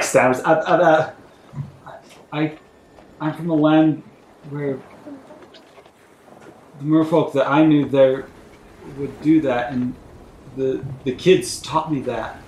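A man's voice: medium pitch, steady tone, takes it slowly, pauses often, echoey room, a little hiss or hum, close to an everyday voice, low-quality recording. A man playing a nervous male adventurer who stammers and gets flustered.

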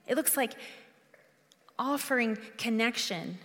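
A woman's voice: a little high, slow, a bit bright, long reverb tail. A woman preaching a sermon in an earnest, conversational way, restarting her phrases often.

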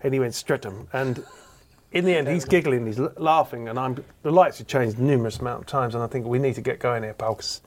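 A male comedian on a panel show, telling a rambling, animated anecdote. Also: medium pitch, fast talker.

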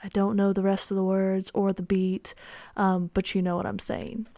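A woman's voice: mid-range voice, completely flat delivery, normal speed, dark tone, dry recording, studio quality. Rambling young woman telling a story. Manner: rambling, many ums and likes. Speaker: podcast host. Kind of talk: casual solo storytelling.

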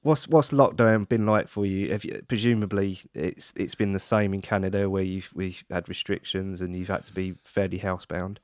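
A male interviewer with a fairly low voice, recorded dry and close with little room sound. He asks his questions hesitantly and stumbles over repeated words. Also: steady tone, moderate pace, few pauses, no echo.

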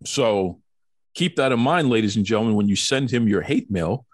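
Brief: male podcast host, lively, teasing banter, dry close sound. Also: fairly low pitch, moderate pace, dry recording. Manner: jokey, teasing, playful banter. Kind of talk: casual interview chat. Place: home studio in Boston.

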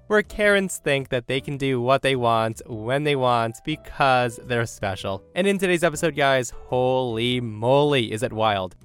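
Male host narrating stories, expressive delivery, smooth clear tone, soft music underneath. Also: medium pitch. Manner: animated, expressive storytelling. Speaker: story channel host.

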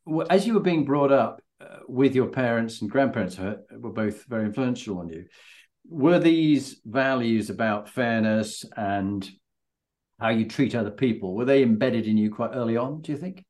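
A man's voice: medium pitch, lively intonation, moderate pace, darkish tone. A man hosting an interview, asking conversational questions. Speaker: podcast host.

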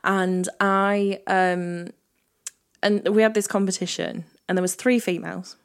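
A woman co-hosting a podcast in casual chat, telling animated stories and acting out what people said. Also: mid-range voice, a little slow, smooth. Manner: animated storyteller who laughs often and acts out quotes. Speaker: podcast co-host.

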